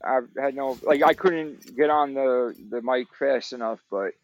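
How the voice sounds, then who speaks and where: A man talking excitedly and rambling in a casual group chat. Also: mid-range voice, measured pace, low-quality recording. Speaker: show regular.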